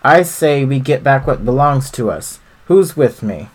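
A man's voice: medium pitch, animated, measured pace, pitched above the performer's own voice. A man voicing a defiant miner spokesman rallying his fellow workers.

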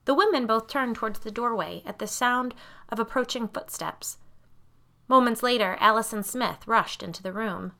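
A woman podcast host narrating a spooky story in a measured, wry storytelling manner. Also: on the high side, vocal fry, pushed and bright.

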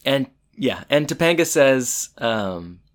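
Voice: mid-range voice, takes it slowly. A co-host casually retelling TV scenes and acting out the characters' lines. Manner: animated, acts out quoted lines in put-on voices. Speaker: podcast co-host recapping a TV episode. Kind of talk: casual chat.

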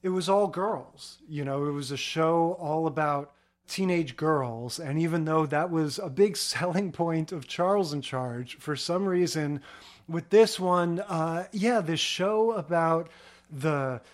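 Wry man co-host with a slightly high voice. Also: slow. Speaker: podcast co-host. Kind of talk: casual chat about TV shows.

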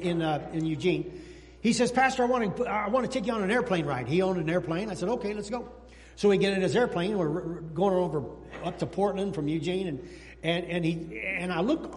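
Man, pastor, sermon, high voice, animated storyteller, long church reverb. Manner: animated storytelling, talks to the kids in the room. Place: church sanctuary.

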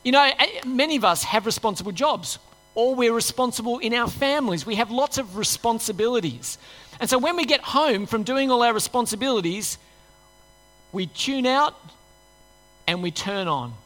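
A man's voice: very high-pitched, lively intonation, normal speed, a bit bright. A man preaching a conversational sermon, asking rhetorical questions and acting out people's inner voices. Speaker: pastor. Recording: long hall reverb.

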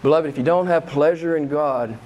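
A male pastor delivering a sermon in a high-pitched voice. He preaches with fervor, doubling back on phrases to drive them home. His delivery swings between loud, emphatic bursts and slow, quieter lines. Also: highs cut off, a little hiss or hum.

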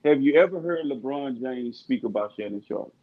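A man co-hosting a casual sports podcast, talking in an animated way and jumping in over the others. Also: medium pitch, normal speed, narrow, tinny audio. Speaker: podcast co-host.

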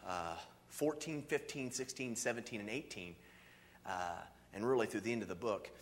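Animated man preaching a sermon. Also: medium pitch. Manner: animated, conversational preaching with frequent "see" and "okay". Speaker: pastor.

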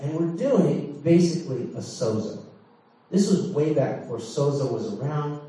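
A middle-aged man preaches in a large church hall, sharing a candid personal story full of laughs and dramatic swings. His voice is medium-pitched and dark, recorded in an echoey hall with the mic far away.

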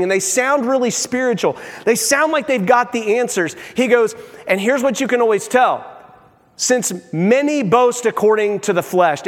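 High-voiced preacher in a big hall. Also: male voice. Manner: animated preaching, acting out quoted voices. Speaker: pastor. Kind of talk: sermon. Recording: long reverb of a large hall.

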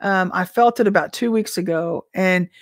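A woman's voice: on the low side, normal speed, no room sound. Woman minister, informal prophetic teaching, rhetorical questions, dry close sound. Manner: conversational, rhetorical questions, occasional throat clearing.

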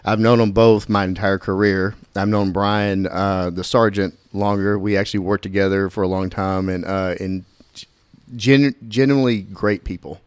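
A male podcast host with a lowish voice, chatting loosely with guests and laughing easily. He restarts his sentences often. The sound is dry and close. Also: steady tone, normal speed, smooth, no room sound. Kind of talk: casual podcast chat.

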